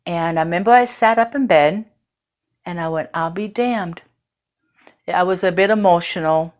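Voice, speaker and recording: A woman's voice: lowish voice, moderate pace. A woman host telling a personal story in a candid, earthy way, with casual swearing.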